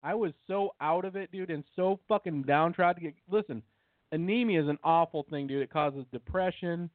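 A podcast co-host tells a heated, profane story in casual chat. His voice is on the high side at a moderate pace, coming through a tinny, phone-like, dry line with no echo.

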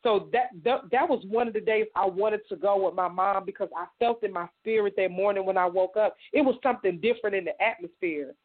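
A woman from Indiana, an interview guest, giving a halting personal testimony full of "you know.". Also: medium pitch. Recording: tinny phone line.

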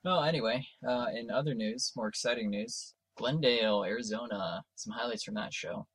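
Man co-host, husky, dry close sound, casual podcast segue. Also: mid-range voice, normal speed, fairly bright tone, dry recording. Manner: moves on to the next news item, short reactions. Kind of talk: casual fan podcast chat.

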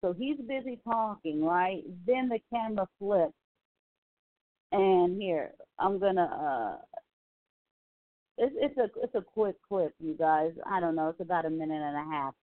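A woman's voice: lowish voice, expressive, measured pace, dry recording. A woman giving casual commentary in a sassy, mocking way. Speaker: commentary vlogger. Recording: tinny phone-like sound.

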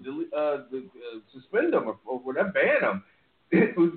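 This podcast co-host has a fairly high, sing-song voice and talks fast. His casual chat is rambling and profane, full of restarts, heard over an echoey, phone-like connection with faint music.

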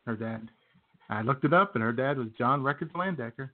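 A man's voice: mid-range voice, animated, brisk. Rambling male radio co-host, tinny. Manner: rambling storyteller with many fillers. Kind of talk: casual chat. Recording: tinny phone-like sound.

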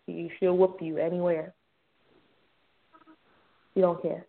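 A woman's voice: lowish voice, little pitch movement, takes it slowly, gravelly. A woman co-hosting a podcast, telling slangy stories in casual chat. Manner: slangy, laughing storyteller. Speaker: podcast co-host. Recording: tinny phone-like line with faint noise.

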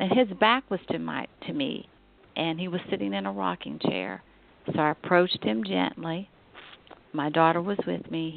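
Gravelly-voiced woman telling a family story. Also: fairly low pitch. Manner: warm, conversational, acts out quoted voices. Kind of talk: personal storytelling. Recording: tinny phone-like recording.

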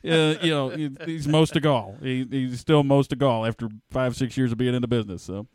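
A man's voice: mid-range voice, brisk, a little mellow, clean tone, no room sound. A male podcast host with a mid-range voice chats casually and laughs easily. His delivery is loose and conversational. The recording is dry and close.

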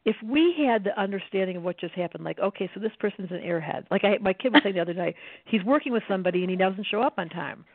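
A woman's voice: medium pitch, quick pace, hardly any pauses, no echo. A woman guest, an astrologer and author, explaining things in a confident, teasing way in casual conversation. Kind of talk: casual interview talk. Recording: tinny phone line.

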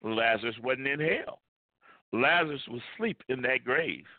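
A man's voice: mid-range voice, normal speed, dry recording. A male pastor preaching a sermon with emphasis, repeating key phrases. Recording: tinny phone-like line, dry.

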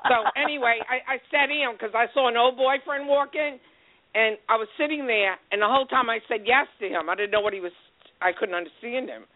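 A woman's voice: a little fast, dry recording. A woman calling in to a friend's radio show, talking in a chatty, affectionate way. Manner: chatty, affectionate, swoops up and down in pitch. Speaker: caller, friend of the host. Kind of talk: casual phone chat. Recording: tinny phone line.

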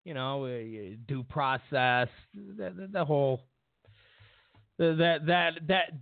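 Male show host, gravelly and slow, mocking rambling commentary, phone-quality audio. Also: a little high, no echo. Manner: rambling, many fillers and restarts, mocking quotes. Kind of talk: political commentary monologue. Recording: dry tinny phone-like sound.

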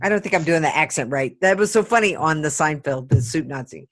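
A woman hosting a podcast in casual chat, giving brisk, emphatic advice. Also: low-pitched, animated. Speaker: podcast host.

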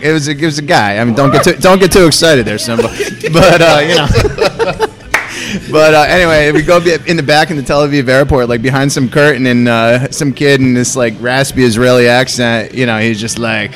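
A man sits in a bar as a podcast guest, spinning travel stories with easy, casual profanity. His voice is mid-pitched and relaxed, and music plays in the background. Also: brisk. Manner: laid-back storyteller, swears freely. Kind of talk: casual chat. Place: bar, next to restroom.

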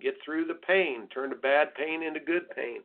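On the radio, a U.S. tennis coach who also hosts the show dispenses coaching advice at normal speed, his male voice a little high and the sound tinny like a phone line. His manner is blunt and folksy, preachy, with sing-song asides that ridicule soft attitudes.

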